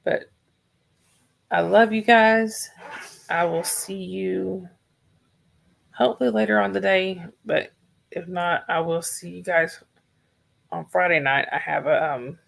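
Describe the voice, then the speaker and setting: A woman from Georgia, chatting softly and rambling on a livestream while losing her voice. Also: lowish voice, steady tone, slow, creaky, long pauses. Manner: soft-spoken, rambling, talks to chat viewers by name. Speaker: livestream host. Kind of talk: casual livestream chat.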